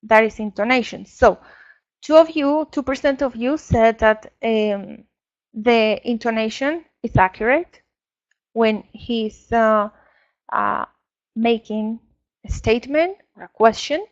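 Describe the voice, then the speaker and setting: A woman whose first language is Spanish, leading an online training for English teachers, explaining slowly with many fillers. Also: fairly high pitch, muffled recording. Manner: slow, explanatory, with frequent fillers.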